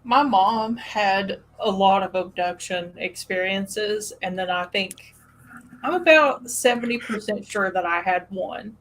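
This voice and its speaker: This is a woman with a twang, chatting as the host of a loose, friendly conversation. She tells animated stories, padding them with "like" and "you know" and laughing along the way. Her voice sits at an ordinary middle pitch. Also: a little slow, rough recording. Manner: animated storyteller with frequent laughs and fillers. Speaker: podcast host. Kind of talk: casual chat.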